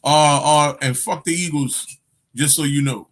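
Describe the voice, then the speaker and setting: A man's voice: fairly high pitch, unhurried. Profane, laughing man spinning stories. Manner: animated, profane storytelling with frequent laughter. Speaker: spiritual guide and coach. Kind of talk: casual livestream talk to viewers.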